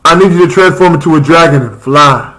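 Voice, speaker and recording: A young man talks through a live reaction stream with a high, bright voice. He rambles passionately in loose slang, often repeating himself as he gets carried away. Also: a little fast, poor audio. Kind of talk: casual live reaction chat.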